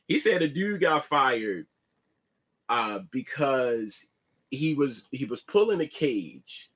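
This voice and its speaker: A man talking, animated, often restarting and asking "you see what I'm saying". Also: medium pitch. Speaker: vlogger. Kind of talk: casual live-stream monologue.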